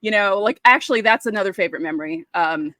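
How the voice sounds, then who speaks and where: A woman, co-hosting a podcast and chatting casually, telling lively stories and acting out quotes. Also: medium pitch, quick pace, no echo. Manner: animated storyteller, acts out quotes. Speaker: podcast co-host. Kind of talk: casual chat.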